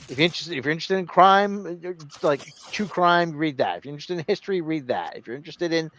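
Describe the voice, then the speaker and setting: A man's voice: on the high side, lively intonation, quick pace, a bit bright, a little hiss or hum. A man chatting casually while gaming, rambling and telling stories. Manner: rambling, restarts, tells stories with voiced quotes.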